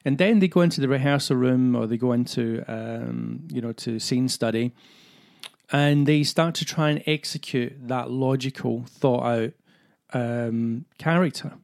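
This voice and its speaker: A man talks through his ideas on acting for a podcast. He explains earnestly, working his thoughts out aloud with fillers and restarts. His pitch sits in the everyday middle range. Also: normal speed, vocal fry, a little mellow. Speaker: acting coach, podcast host. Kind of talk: solo podcast talk.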